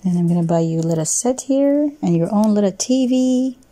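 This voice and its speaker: Husky-voiced woman narrating gameplay. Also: medium pitch, expressive, brisk, dark tone. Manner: chatty, narrating while building. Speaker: let's play host. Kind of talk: casual game narration.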